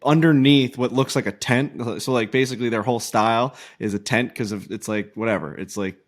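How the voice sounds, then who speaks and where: A man co-hosting a casual podcast, rambling and animated with lots of filler likes. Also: medium pitch, brisk. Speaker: podcast co-host. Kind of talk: casual chat.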